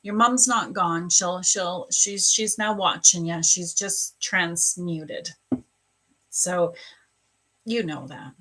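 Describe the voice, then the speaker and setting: A woman's voice: on the low side, slow pace, bright, forceful tone, rough recording. A woman working as a psychic medium and spiritual coach, giving live readings to viewers in an effusive, emotional, rambling way.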